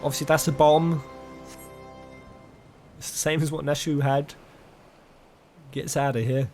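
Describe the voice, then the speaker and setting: A man's voice: on the high side, flat delivery, unhurried, darkish tone, soft background music. A man casually chatting and laughing while streaming a game. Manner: chatty, laughing, playful asides. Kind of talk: casual gameplay commentary.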